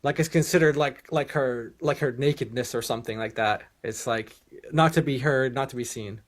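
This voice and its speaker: A man's voice: mid-range voice, moderate pace. A man co-hosting a casual live stream, chatty and loose, with many fillers. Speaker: co-host.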